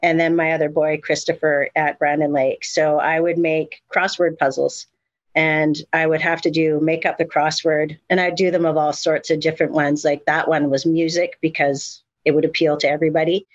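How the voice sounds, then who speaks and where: A middle-aged woman telling her story as an interview guest, candid and animated, with many fillers and restarts. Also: deep voice, moderate pace, dry recording, lo-fi sound. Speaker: guest, mother of incarcerated sons. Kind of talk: emotional personal storytelling.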